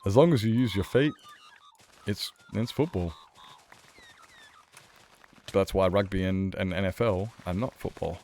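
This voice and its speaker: Deep-voiced man ranting on stream. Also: slow pace, long pauses, mellow, slight background noise. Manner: ranting, worked-up, playful. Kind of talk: casual live-stream chat.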